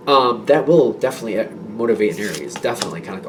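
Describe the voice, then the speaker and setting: A man's voice: fairly low pitch, expressive, rapid-fire, few pauses, distant mic, noisy background. A man giving a casual tarot reading to his viewers, rambling and reassuring, with many fillers and restarts. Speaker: tarot reader.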